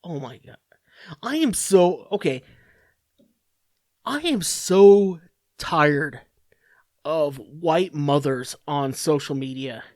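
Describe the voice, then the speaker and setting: A man hosting a podcast, ranting alone in a profane, exasperated way with halting restarts. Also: a little high, lively intonation, a little mellow, no echo, clean studio sound. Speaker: podcast host. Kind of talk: solo comedic rant.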